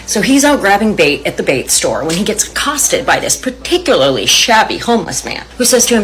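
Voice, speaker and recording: A woman's voice: lowish voice, big pitch swings, a little fast, hardly any pauses, a bit bright, rough recording. A woman telling a long joke in a conversational storytelling way. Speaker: joke teller.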